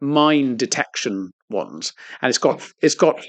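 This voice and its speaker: A man's voice: mid-range voice, big pitch swings, slow pace, fairly bright tone, no room sound. A man co-hosting a podcast, telling stories in casual chat over beers. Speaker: podcast co-host.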